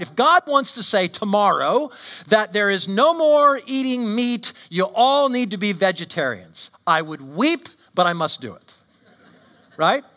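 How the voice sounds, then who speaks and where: A man's voice: high voice, sharp tone. A man preaching a sermon with emphatic delivery and frequent rhetorical questions. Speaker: pastor.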